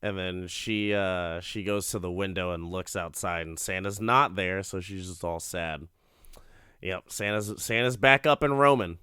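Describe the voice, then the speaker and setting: Man, casual comedic recap, rambling, crisp tone, dry sound. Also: low-pitched, measured pace, pushed and bright, no room sound. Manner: rambling, profane, amused storytelling with frequent laughs. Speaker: podcast host.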